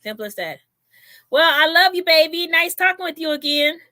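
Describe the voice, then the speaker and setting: High, bright-voiced woman comedian chatting. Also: lively intonation, normal speed, no room sound, clean studio sound. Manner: straight-talking, loud bursts of laughter. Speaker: comedian and livestream host. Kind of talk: casual livestream chat.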